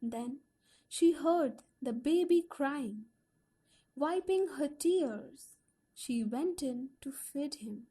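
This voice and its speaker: A woman reading a school textbook story aloud slowly and carefully, putting some life into the quoted lines. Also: high voice. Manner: slow, careful storytelling with lively quoted voices. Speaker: audiobook reader.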